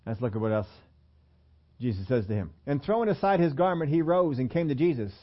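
A man's voice: mid-range voice, animated, fairly quick, muffled recording. A man preaching a sermon in a church room, talking conversationally and putting questions to the congregation. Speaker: pastor.

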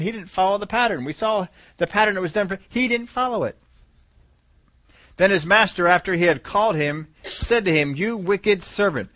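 A man's voice: fairly high pitch, fairly bright tone, no room sound. Emphatic male preacher, dry sound. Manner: emphatic, repeats key words for stress. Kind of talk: sermon.

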